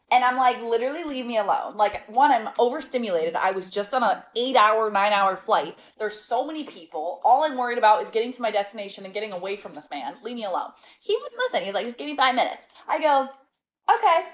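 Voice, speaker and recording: A woman telling a storytime in a casual, animated and sassy way, exasperated and laughing between lines. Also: mid-range voice, poor audio.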